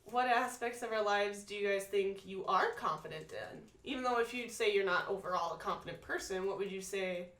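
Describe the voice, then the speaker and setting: A woman leads casual podcast chat with teasing questions. Her voice is bright. She sits back from the mic in an echoey room. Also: mid-range voice, a little fast, few pauses, distant mic. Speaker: podcast co-host.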